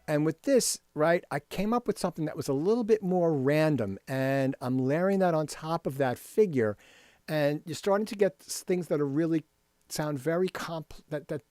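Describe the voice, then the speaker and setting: A man's voice: fairly high pitch, darkish tone, no echo. Dry-voiced man teaching rhythm to composers. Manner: explanatory, scats rhythms aloud, frequent "right?". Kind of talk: screen-share music lesson. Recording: dry close recording with faint music.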